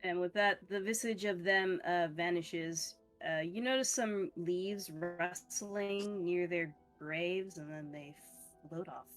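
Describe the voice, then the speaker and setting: A woman's voice: lowish voice, takes it slowly, soft background music. A woman running a tabletop game as game master, narrating in a loose, casual way with swearing. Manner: casual, swearing, laughs a lot.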